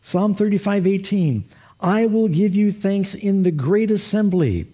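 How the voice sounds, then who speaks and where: Guy pastor giving a sermon, kinda high voice, husky, jokey asides. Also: a little slow, warm tone. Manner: folksy, humorous asides with laughs.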